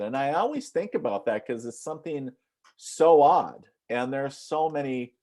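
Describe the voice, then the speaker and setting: A man's voice: mid-range voice, lively intonation, moderate pace, warm tone. A man from northern Minnesota, a psychic medium, telling rambling anecdotes as a guest in a casual interview. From northern Minnesota, USA. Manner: rambling, anecdotal, frequent fillers.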